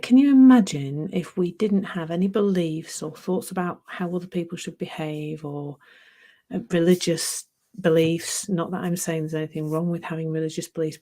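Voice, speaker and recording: A middle-aged woman giving a reflective spiritual talk, musing unhurriedly, laughing at herself and dropping into soft near-whispers. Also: on the low side.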